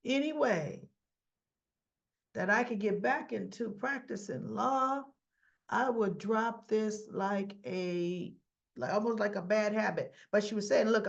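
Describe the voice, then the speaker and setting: A woman with a rough-sounding voice, casually recapping a soap opera episode and acting out the characters' lines with fillers and self-corrections. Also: mid-range voice, highs cut off. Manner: chatty retelling with quoted dialogue, fillers and self-corrections.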